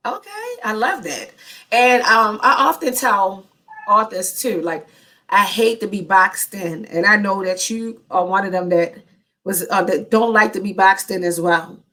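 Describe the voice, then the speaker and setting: Bright-voiced chatty woman hosting. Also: mid-range voice, measured pace. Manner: chatty, laughs often, informal. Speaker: host of author reading show. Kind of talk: casual live-stream chat.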